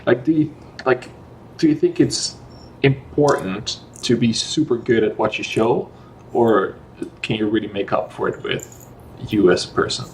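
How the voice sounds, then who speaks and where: A man hosting a casual podcast, talking in a relaxed, musing way that trails off. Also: lowish voice, a little slow, slight background noise. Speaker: podcast host.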